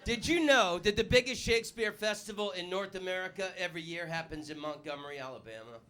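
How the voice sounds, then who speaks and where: A man performing a stand-up comedy set in a club, with a loud, punchy delivery. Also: high-pitched, fast talker. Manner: loud punchy delivery, puts on voices for jokes.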